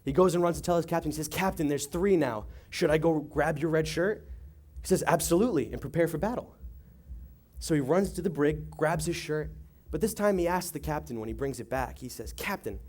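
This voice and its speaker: A man's voice: a little high, brisk. A young man giving a youth sermon, telling a joke story with acted-out voices before praying and reading. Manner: animated storytelling, acting out voices. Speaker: youth pastor. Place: church youth service.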